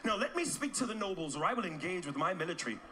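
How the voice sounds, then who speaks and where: A man's voice: high-pitched, big pitch swings, rapid-fire, pitched below the performer's own voice. A man voicing a pompous male character from an ancient-epic movie, speaking in a grandiose way. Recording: loud noisy live club recording.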